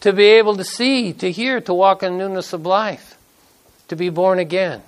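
A man's voice: high voice, fairly even intonation, moderate pace. A man in his sixties preaching a casual, folksy sermon, telling stories and acting out quotes in everyday speech. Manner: folksy, conversational, acts out quotes. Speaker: pastor.

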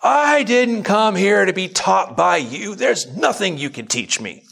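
An outraged man yelling high and sharp in a sermon retelling, as a preacher puts him on. He sounds indignant and affronted, his voice pitched up far above the preacher's own. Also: very animated, unhurried, creaky, husky, heavily acted. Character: angry man shouting at a host, indignant.

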